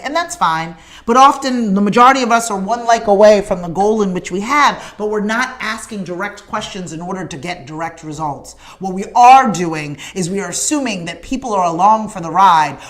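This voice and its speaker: A woman's voice: medium pitch, fairly bright tone. A woman hosting a morning show, giving an emphatic, preacher-like motivational message with conversational asides.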